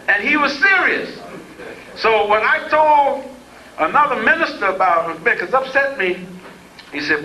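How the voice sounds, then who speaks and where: A man lecturing in a folksy, humorous storytelling way, wandering off into side stories. His voice sits high and bright. It sounds roomy, with faint noise behind it. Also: expressive, moderate pace, long pauses.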